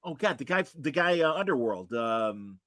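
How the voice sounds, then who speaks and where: A man's voice: medium pitch, very animated, moderate pace, over a noisy crowd. A man hosting a casual chat show, talking in a rambling way with lots of fillers and restarts. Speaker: host.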